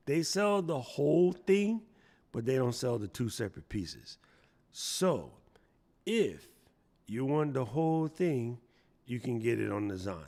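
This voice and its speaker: A man's voice: mid-range voice, big pitch swings, measured pace, a little mellow. A man hosting a casual live stream, chatting playfully and answering viewers from the chat. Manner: playful, chatty, reads chat aloud, jokey voices. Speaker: livestream host.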